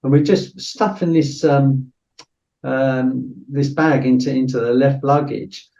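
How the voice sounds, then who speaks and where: A middle-aged man tells a story in a casual interview, blunt and sweary, leaning on "you know" a lot. His voice is warm and mellow. It sounds roomy and a little distant, with a dull tone. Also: medium pitch, fairly even intonation, slow pace. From Britain. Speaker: podcast guest, former soldier.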